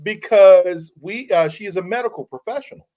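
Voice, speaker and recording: A man's voice: sits high, moderate pace, mellow, rough recording. Man telling a wry story on a podcast. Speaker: podcast co-host. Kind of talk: casual podcast chat.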